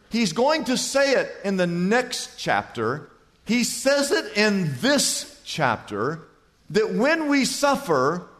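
A man preaching a sermon as pastor, telling stories and dropping from loud to hushed. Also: very high-pitched. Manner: storytelling, swings from loud to hushed. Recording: long hall reverb.

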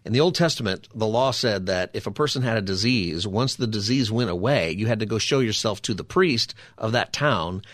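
A man's voice: medium pitch, a bit bright, no echo, studio quality. A man hosting a show and giving a conversational Bible teaching, explaining scripture in an easy, chatty way with frequent rhetorical asides to the listener. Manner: chatty, asks rhetorical 'right?' and 'you know?' asides.

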